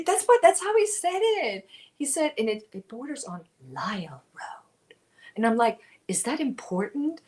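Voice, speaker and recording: A woman hosting a crochet livestream, chatting casually and answering viewers by name while she works. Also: a little high. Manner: chatty, animated, reads out viewer names and answers them.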